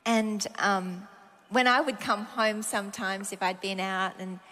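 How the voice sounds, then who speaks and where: A woman's voice: medium pitch, unhurried. A middle-aged Australian woman preaching a sermon, telling personal stories and acting out her own prayers and conversations. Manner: animated, acts out her own prayers and dialogue.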